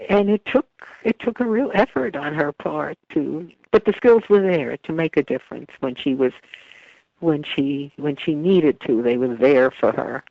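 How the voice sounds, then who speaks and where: An older woman author being interviewed, chatting casually with frequent laughter and halting restarts. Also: deep voice, vocal fry, dry recording. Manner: laughs often while talking, halting restarts. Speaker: author guest. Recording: dull lo-fi remote line.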